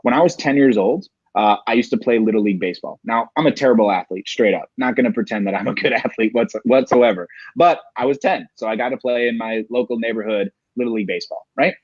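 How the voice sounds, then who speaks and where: A man's voice: mid-range voice, quick pace, hardly any pauses, husky, no room sound. Emphatic man coaching on sales. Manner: emphatic, rhetorical "right?" tags. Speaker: sales coach, interview guest. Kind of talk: motivational interview talk. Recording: dry, muffled lo-fi sound.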